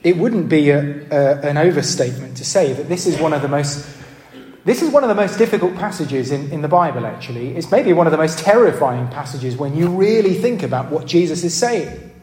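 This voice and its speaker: A man's voice: fairly high pitch, lively intonation, fairly quick, warm tone. Earnest male preacher in an echoing hall. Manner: earnest, asks the congregation questions, repeats words when restarting. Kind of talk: sermon. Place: church hall. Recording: roomy hall reverb.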